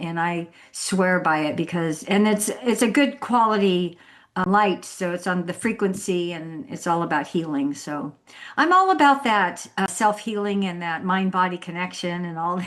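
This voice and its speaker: A woman's voice: lowish voice, moderate pace. Chatty woman podcast host. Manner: storytelling, laughs often. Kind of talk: casual podcast interview.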